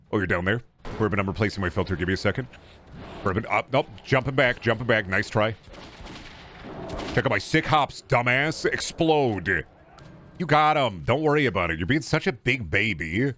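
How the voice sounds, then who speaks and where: A man rambles through a game stream with swinging pitch. His speech rises and dips all over. He swears constantly and keeps up jokey chatter in casual gameplay commentary. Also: expressive, normal speed, fairly bright tone, a little hiss or hum.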